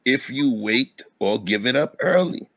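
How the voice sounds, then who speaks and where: A man's voice: medium pitch, animated, a little slow, vocal fry, a bit bright, no echo. A man hosting a casual interview chat, teasing and playful, laughing often. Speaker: host.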